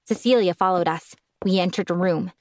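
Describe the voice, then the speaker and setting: A woman narrating a first-person story in a calm, earnest way. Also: fairly low pitch, brisk, a little hiss or hum.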